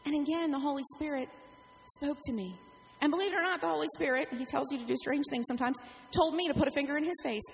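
A middle-aged woman pastor preaching a sermon, telling a personal story in an animated way. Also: sits high, fast, vocal fry, hardly any pauses, in a large hall.

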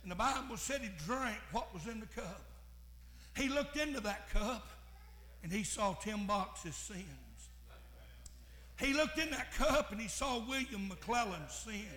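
A man preaches in a high, bright voice, taking his time over each phrase. He swings from hushed passages to fervent, shouted preaching. The sound carries the echo of a church room. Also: lively intonation, measured pace. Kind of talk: sermon.

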